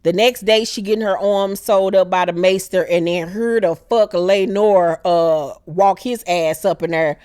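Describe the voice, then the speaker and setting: Animated woman recapping a TV show. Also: medium pitch, a little slow, hardly any pauses, clear, resonant tone, no room sound, studio quality. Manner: animated, acts out characters in exaggerated voices. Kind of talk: casual profane TV recap.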